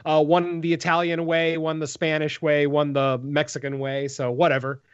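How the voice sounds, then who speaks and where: A man's voice: on the high side, monotone, moderate pace, clean tone. Rambling man on a lo-fi podcast line. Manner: rambling, filler-heavy, laughs easily. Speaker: podcast co-host. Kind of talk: casual podcast chat. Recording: dull lo-fi audio.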